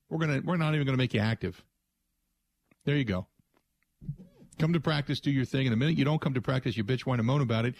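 A man's voice: mid-range voice, dry recording. Sports radio guy ranting emphatically, lots of restarts, dead dry studio sound. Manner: emphatic, rambling with frequent restarts. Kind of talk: opinionated sports talk radio monologue.

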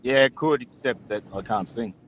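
A man calling in to a radio show, speaking in a modest, halting way. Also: lo-fi sound. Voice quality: low voice. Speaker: caller. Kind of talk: radio call-in chat.

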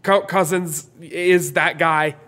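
Man, sports podcast co-host, stuffy nose, slightly high voice, rambling and excitable. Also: slow. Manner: rambling, excitable, many restarts. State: congested from a cold. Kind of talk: casual sports chat.

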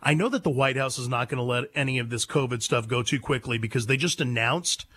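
A man's voice: medium pitch, fast talker, a bit bright. A man hosting a talk radio show, giving an emphatic, indignant monologue into a studio microphone. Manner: emphatic, indignant, takes calls.

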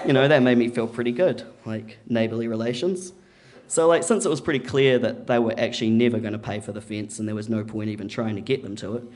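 A man's voice: medium pitch, darkish tone. A man telling a story at a live event, in a casual, chatty way with plenty of "like" and "you know". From New Zealand.

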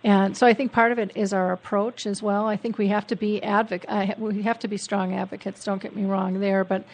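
A woman's voice: medium pitch, little pitch movement, a little fast, poor audio. A woman hosting a radio interview, chatty and agreeable, often dropping "you know" as she shares her views. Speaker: radio show host. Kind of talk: casual interview chat.

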